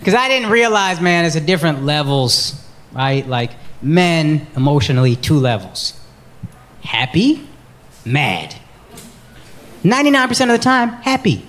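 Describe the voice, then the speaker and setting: A man in his thirties doing stand-up comedy and crowd work, loud and animated, shouting his punchlines in put-on voices. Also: a little high, measured pace, long pauses. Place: comedy club stage before a laughing crowd. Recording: roomy live club sound with loud crowd noise.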